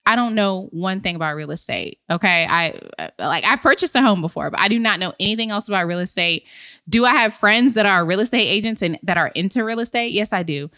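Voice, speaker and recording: A woman's voice: medium pitch, lively intonation, a little fast, bright, forceful tone, dry recording, clean studio sound. Sassy playful woman podcast host. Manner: sassy, playful, laughs at own jokes. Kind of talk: comedic advice podcast.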